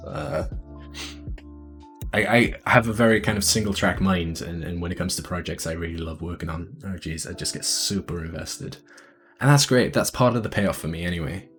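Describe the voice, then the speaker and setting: Young man, lowish voice, earnest, rambling, stumbles and repeats words, casual panel talk from home, faint music behind. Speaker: convention panelist and video editor. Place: room at home with posters up.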